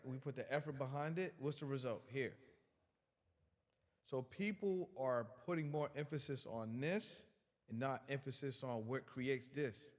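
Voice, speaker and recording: A man's voice: mid-range voice, big-room sound. A man guest on a podcast giving a casual motivational talk, emphatic and colloquial, repeating words as he builds his point.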